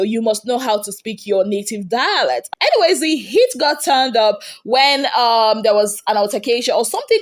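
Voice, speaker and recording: High-voiced Nigerian woman spilling gossip. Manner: animated, chatty, full of rhetorical questions. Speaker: entertainment gossip vlogger. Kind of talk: casual gossip recap.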